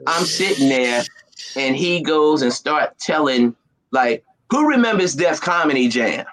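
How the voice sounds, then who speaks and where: A man's voice: fairly high pitch, measured pace, rough recording. A man, a comedian guest, telling stories in casual chat with street slang. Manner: animated storyteller, street slang.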